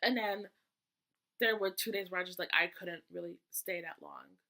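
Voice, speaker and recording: A woman's voice: lowish voice, normal speed, pushed and bright. A young woman and student telling a storytime vlog in a chatty, exasperated way, with sassy asides. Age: young adult. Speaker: vlogger. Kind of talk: casual storytime.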